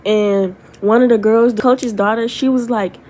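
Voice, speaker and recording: A young woman telling a story casually on her vlog, animated and swearing freely, with lots of asides. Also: on the high side, moderate pace, far from the mic, rough recording. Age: young adult. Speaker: storytime vlogger.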